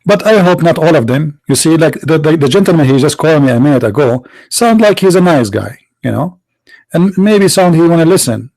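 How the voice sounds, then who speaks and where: Hosting a religious debate show, a man delivers a combative monologue, mocking and confrontational, firing rhetorical questions in broken English. His voice is a little high and a little mellow, animated and brisk, on a rough recording.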